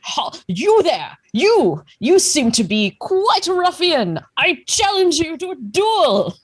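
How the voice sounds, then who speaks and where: A woman's voice: very high voice, big pitch swings, slow pace, voice pushed up, full character voice. A woman voicing a pompous older male military ghost who challenges people to duels. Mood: blustering. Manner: blustering, haughty challenger.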